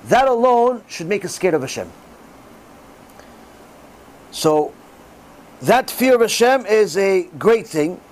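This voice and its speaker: A middle-aged man giving a religious class in sermon style, animated and acting out the voices he quotes. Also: high-pitched, slow, pauses often, rough recording. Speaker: rabbi giving a Torah class.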